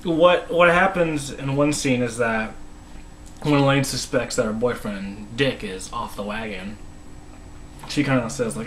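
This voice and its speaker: A man's voice: mid-range voice, moderate pace, a bit bright, a little hiss or hum, low-quality recording. A man casually recapping a TV episode, rambling with many restarts and voice dropping to a mumble. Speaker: episode reviewer.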